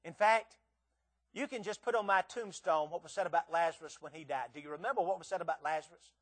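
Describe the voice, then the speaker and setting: High-pitched pleading preacher man in his sixties. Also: quick pace, a bit bright. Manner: earnest, pleading, repeats words and stammers on "I, I". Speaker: visiting preacher. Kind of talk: sermon.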